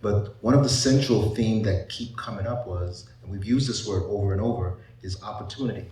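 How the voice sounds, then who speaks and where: Speaking a little fast in a lowish, darkish voice, a male psychiatrist addresses a live audience on a panel with conversational ease. He asks rhetorical questions and leans on "you know," and the recording is distant and off-mic in a big, echoey event room.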